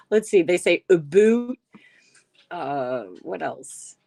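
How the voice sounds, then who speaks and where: Slow-talking sarcastic woman streamer. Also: lowish voice, creaky, warm tone. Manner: sarcastic, laughs often, chats with viewers. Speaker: livestream host reading chat. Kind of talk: casual live-stream chat.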